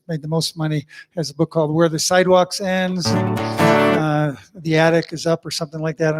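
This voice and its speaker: A folksy, rambling man talking between songs at a living room concert, voice sitting a little high for a man. He wanders through stories with lots of ums and asides. A guitar is heard clearly behind him. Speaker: singer-songwriter hosting an online concert. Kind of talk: casual chat between songs.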